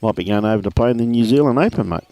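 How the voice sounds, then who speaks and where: A man's voice: medium pitch, lively intonation, very fast, dark tone. A man commentating lawn bowls in a laid-back, jokey way. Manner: laid-back, chatty, jokey, calls players mate.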